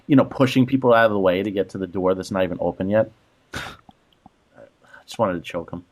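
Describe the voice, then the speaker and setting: He talks fast in a lowish voice, a male podcast co-host venting exasperated anecdotes about rude strangers. "Like" crops up constantly in his casual delivery.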